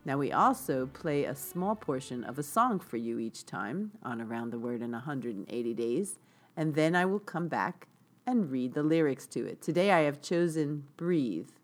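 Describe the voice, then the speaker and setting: A woman hosting a devotional podcast, praying and reading scripture in an earnest, measured way. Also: a bass voice, expressive, faint music behind.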